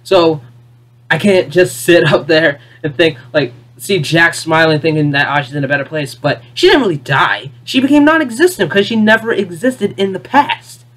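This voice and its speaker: An exasperated vlogger talks straight to the camera in an unplanned rant. The voice swings between loud, incredulous outbursts and low, deflated muttering. Points come back again and again, mixed with rhetorical questions. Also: lively intonation, normal speed. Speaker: video creator ranting about a cartoon finale.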